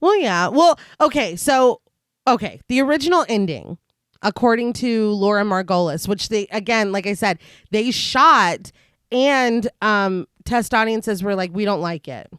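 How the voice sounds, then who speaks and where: A woman's voice: mid-range voice, lively intonation, unhurried, a bit bright, clean tone, no room sound. Dry-voiced woman recapping a horror film. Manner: laughs often, reads scene summaries steadily. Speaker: podcast co-host. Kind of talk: casual film discussion with read plot recap.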